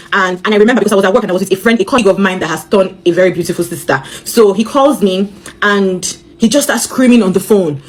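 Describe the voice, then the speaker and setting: A Nigerian woman tells her own story at a breathless clip. She keeps slipping into quoted dialogue from the people in it. Her voice sits at an ordinary middle pitch. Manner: rapid, animated retelling with quoted dialogue. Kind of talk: personal storytime.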